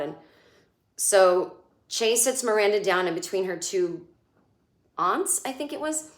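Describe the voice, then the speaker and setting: Chatty sarcastic woman in an echoey room. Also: medium pitch. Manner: chatty, sarcastic, acts out characters' lines in quick impressions. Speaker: podcast host recapping a TV episode. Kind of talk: casual solo recap.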